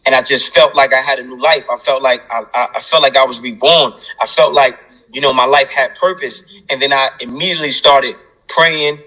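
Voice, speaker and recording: A New York man telling a raw personal story in a high, animated voice. His tone is bright and forceful, full of slang and profanity. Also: low-quality recording. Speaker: interview guest. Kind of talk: emotional storytelling.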